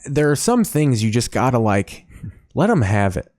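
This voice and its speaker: Brief: male host, mid-pitched, blunt and sardonic, dry close-mic sound. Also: sing-song, moderate pace, darkish tone, no room sound. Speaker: podcast host. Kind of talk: casual chat.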